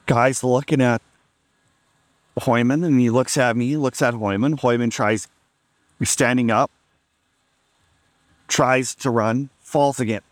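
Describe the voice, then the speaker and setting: A man's voice: mid-range voice, fairly even intonation, slow, pauses often, dry recording. Man telling a funny story. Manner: laid-back, amused, acts out quotes. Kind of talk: casual comedic storytelling.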